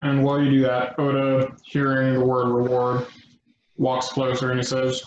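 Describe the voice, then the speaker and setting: A man's voice: mid-range voice, normal speed, a little hiss or hum. Man narrating as game master, echoey. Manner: relaxed, hesitant with ums. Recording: echoey, dull lo-fi room.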